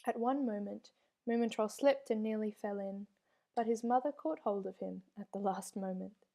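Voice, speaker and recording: A woman reading a children's storybook aloud with steady, expressive narration. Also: mid-range voice, normal speed, vocal fry. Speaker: reader.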